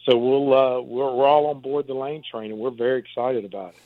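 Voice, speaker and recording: Halting man on a tinny phone line. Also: medium pitch, steady tone, dry recording. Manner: halting, full of fillers and restarts. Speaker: sports information director. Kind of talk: phone interview on sports radio.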